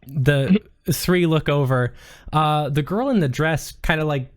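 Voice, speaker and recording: A man narrating a tabletop game as game master, relaxed and full of fillers. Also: a little high, a little slow.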